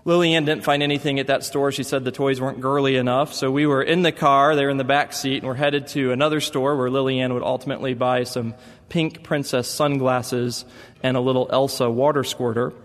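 A man's voice: mid-range voice, steady tone, brisk, in a large hall. A man preaching a sermon as pastor, telling stories with emphatic repetition.

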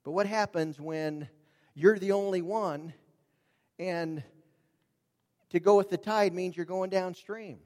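A man preaching a sermon, earnest and emphatic, dropping his voice low and raising it for emphasis. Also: fairly even intonation, slow, pauses often, darkish tone. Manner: earnest, emphatic, varies volume for drama. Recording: long reverb of a large hall.

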